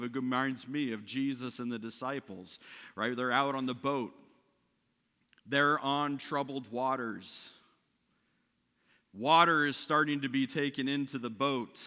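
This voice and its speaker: A pastor delivers a sermon in a bright, forceful voice. He talks conversationally, checking in with his listeners and restarting sentences as he goes. His voice rings out in a reverberant church hall. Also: mid-range voice. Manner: conversational preaching with frequent "right?" and restarts. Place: church sanctuary.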